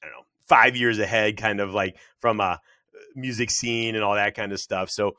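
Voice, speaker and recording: Bright-voiced male podcast host. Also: on the low side, steady tone, normal speed, no echo, studio quality. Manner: loose, many fillers and restarts. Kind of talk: casual interview chat.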